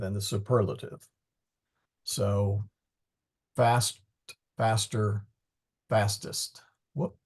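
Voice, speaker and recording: A man teaching a Latin class, unhurried, often pausing to hunt through his notes and muttering asides to himself. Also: on the low side, gravelly, husky.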